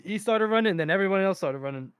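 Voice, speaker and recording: A man's voice: high-pitched, lively intonation, fast, clear, resonant tone, dry recording, clean studio sound. A man co-hosting a casual podcast about a book series. He rambles through plot retellings, laughing often and swearing. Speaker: podcast co-host. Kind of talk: casual book-discussion chat.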